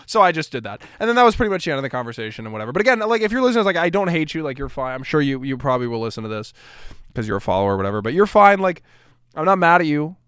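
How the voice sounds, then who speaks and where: A man's voice: fairly high pitch, big pitch swings, rapid-fire, fairly bright tone, clear, resonant tone, dry recording, studio quality. A man hosting his own podcast, ranting bluntly and mockingly, with plenty of profanity. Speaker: podcast host. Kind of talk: casual podcast monologue.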